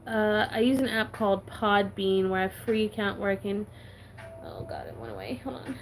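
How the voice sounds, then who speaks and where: A woman's voice: medium pitch, very animated, brisk, noisy background. A woman vlogger chatting casually while she stamps her planner, giggly and talking with a valley-girl lilt.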